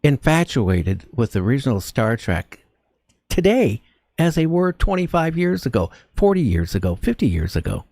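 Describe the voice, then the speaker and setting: Lively-voiced male radio host. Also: medium pitch, dry recording. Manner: halting questions with repeated words. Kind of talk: radio interview.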